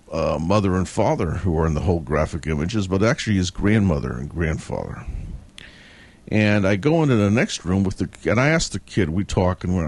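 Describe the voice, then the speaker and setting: A man's voice: low-pitched, a little mellow, dry recording. A man telling the story of a dream in a casual monologue, meandering and reflective as he retells it.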